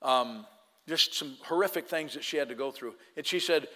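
A man preaching in a church, his bright, ringing voice trailing off into a long hall reverb. He swings from loud exhortation down to a hushed storytelling tone. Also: medium pitch, brisk. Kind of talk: sermon.

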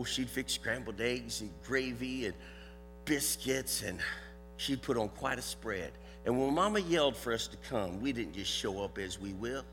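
Preaching with a Southern US drawl, an older man gives a folksy, loud, animated sermon that includes a live dog demonstration. His mid-range voice is bright and forceful, ringing through a hall with a long echo over faint music.

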